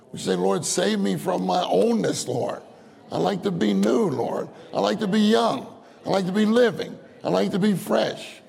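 A man's voice: medium pitch, vocal fry, a little mellow, husky. A man preaching a sermon, citing verses and repeating phrases, rising into earnest, pleading prayer. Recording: long hall reverb.

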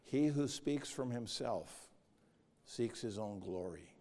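A man preaching a sermon in a measured way, reading scripture and outline points and growing emphatic as he goes. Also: medium pitch, animated, dark tone. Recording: long reverb of a hall.

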